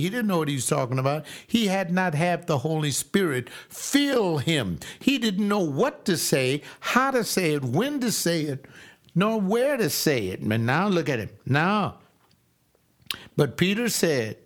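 Preacher guy, kinda high voice, folksy and emphatic, leans hard on the key words. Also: sing-song. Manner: folksy, emphatic preaching with slow stressed repeats. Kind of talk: sermon.

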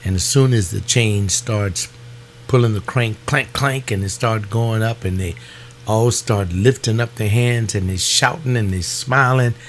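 A man preaching a fervent webcast sermon, pleading with his listeners and rising in pitch on his emotional appeals. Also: unhurried, slight background noise.

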